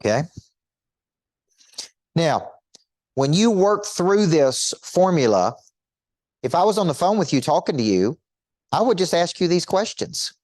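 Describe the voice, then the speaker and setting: A man's voice: fairly high pitch, darkish tone, dry recording, clean studio sound. A middle-aged man coaching an audience in a motivational teaching talk, emphatic and repetitive, firing rhetorical questions at listeners.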